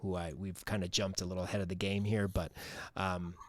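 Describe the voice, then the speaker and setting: A man's voice: low-pitched, flat delivery, a little fast, dry recording. A man co-hosting a sports podcast in casual chat, rambling with many fillers and restarts. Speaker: podcast co-host.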